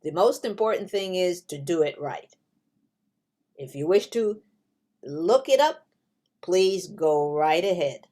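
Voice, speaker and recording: Very slow, patient woman teaching English. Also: on the low side, a little mellow. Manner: drawn-out, carefully spaced delivery with examples.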